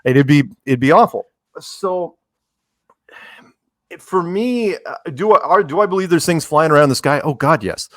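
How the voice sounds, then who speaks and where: A man guest on a podcast, talking casually in an animated, joking way, with quick asides and frequent restarts. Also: a little high, dry recording, clean studio sound.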